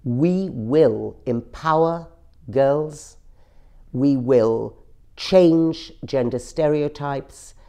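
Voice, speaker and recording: A woman's voice: rumbling low, drawn-out words, mellow. A middle-aged woman speaking earnestly as an interview guest, stressing her words and sometimes restarting. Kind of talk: emotional personal interview.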